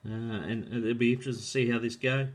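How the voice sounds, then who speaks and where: The host of a live drag racing show chats casually, reading out viewer comments and rambling with plenty of fillers. He's friendly and keeps calling people "mate," speaking at a quick pace in a steady, medium-pitched voice.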